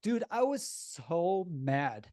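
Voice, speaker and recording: A man telling a personal story in a blunt, animated, casual way, swearing freely and sounding shaky and upset as he recalls it. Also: fairly high pitch, drawn-out words, dry recording, clean studio sound.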